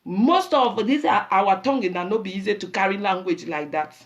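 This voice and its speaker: A middle-aged woman with a Ghanaian accent, hosting a talk show and lecturing her listeners in a lively, preachy way, dropping Pidgin and Twi phrases. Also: medium pitch, moderate pace, highs cut off. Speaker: show host. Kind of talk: casual talk show monologue.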